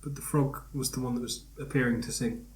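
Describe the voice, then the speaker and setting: A man with a mid-pitched voice spins out a joke in a loose, rambling way, stumbling over fillers as he goes. He is recorded in a roomy, echoing space. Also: a little fast. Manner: rambling, animated storyteller with many fillers. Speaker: podcast host. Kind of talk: casual chat, telling a joke. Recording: roomy echo.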